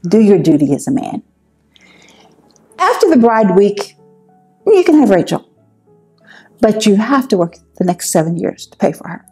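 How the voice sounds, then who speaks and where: A woman's voice: mid-range voice, big pitch swings, normal speed, pauses often, dark tone, slightly rough, soft background music. A woman voicing a crafty older man, a father-in-law who brushes things off in a shrugging, wheedling way. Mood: sly.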